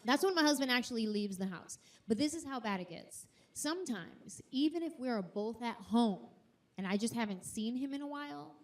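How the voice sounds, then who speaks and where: A woman performing a stand-up comedy routine on stage, animated and acting out quotes in high voices. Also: moderate pace, noisy background. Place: theater stage before a live audience.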